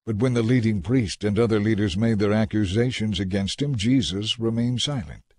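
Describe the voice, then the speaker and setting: A man narrating scripture in a measured, dramatic reading. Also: lowish voice, darkish tone.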